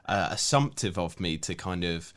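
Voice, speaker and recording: A man co-hosting a podcast in casual chat, chatty and quick to laugh. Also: low voice, expressive, fairly bright tone. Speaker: podcast co-host, football pundit.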